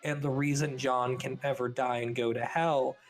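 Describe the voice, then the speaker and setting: A man's voice: mid-range voice, level tone, normal speed, soft background music. A man co-hosting a casual podcast, explaining ideas with lots of "like" and rhetorical questions. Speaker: podcast co-host.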